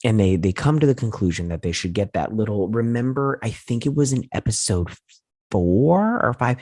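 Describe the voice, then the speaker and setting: A man with a deep, slightly husky voice hosts a casual TV review, loosely retelling scenes and correcting himself as he goes. He sounds a little sleepy, and the recording is close and dry. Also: lively intonation, normal speed, mellow, dry recording. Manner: rambling, loose retelling full of "he's like" and "and everything"; self-correcting, unsure of details. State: sleepy, yawning. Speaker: host of a TV review channel. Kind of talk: casual episode recap and review.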